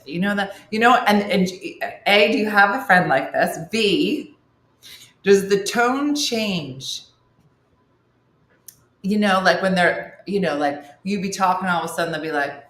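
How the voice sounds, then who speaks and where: A woman's voice: lowish voice, sing-song, a little slow, fairly bright tone, reverberant. A woman comedian hosting a morning show, telling a story and acting out her friend's lines. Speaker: comedian host.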